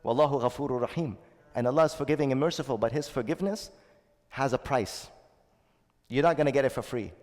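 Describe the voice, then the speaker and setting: A man's voice: mid-range voice, fast, long pauses, darkish tone, long reverb tail. A man delivering a sermon as a shaykh, earnest and repeating his key phrases, with stretches of Arabic recitation. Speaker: shaykh giving a Ramadan talk.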